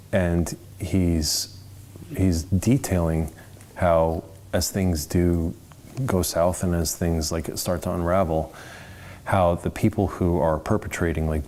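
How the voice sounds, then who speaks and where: Deep-voiced man leading a Bible study. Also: a little mellow. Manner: earnest, conversational, rambling asides. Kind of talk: casual teaching. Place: church.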